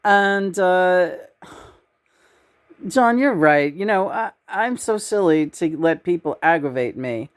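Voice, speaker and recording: Brief: woman vlogger, low pitch, blunt, profane, rambling casual chat. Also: animated, takes it slowly. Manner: blunt, swears freely, rambling. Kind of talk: casual spiritual vlog chat.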